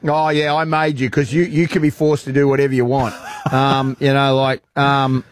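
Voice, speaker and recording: A man's voice: mid-range voice, flat delivery, moderate pace, slight background noise. An Australian man co-hosting a radio show, bantering and defensively protesting while talking over the others. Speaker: radio host.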